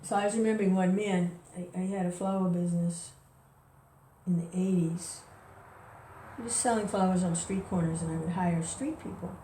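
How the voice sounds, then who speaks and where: A woman's voice: fairly low pitch, steady tone, normal speed, mellow, slight background noise. Woman chanting and musing, roomy distant sound. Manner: rambling, chuckling, chants between thoughts. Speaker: devotee sharing reflections. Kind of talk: casual spoken reflection with chanting.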